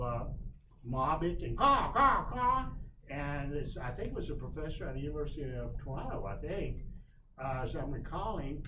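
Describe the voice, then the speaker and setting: A man giving a casual class on backyard birds in a shop classroom, folksy and animated, putting on playful voices for the birds. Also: fairly high pitch. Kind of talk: casual lecture. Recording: roomy, distant mic, noisy.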